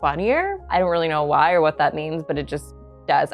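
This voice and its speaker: Excitable woman chatting about a book. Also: low voice, brisk, soft background music. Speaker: book reviewer. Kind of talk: casual book reaction chat.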